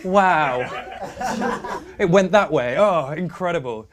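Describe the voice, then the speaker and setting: A man's voice: on the high side, takes it slowly, loud music behind the voice. A young man hosting a comedic charity live stream, playful and prone to laughing. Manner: playful, giggly, animated banter.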